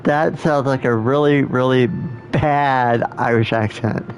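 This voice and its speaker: A man's voice: mid-range voice, fairly even intonation, slow pace, slight background noise. A man streaming a game, making wry, joking asides in casual commentary.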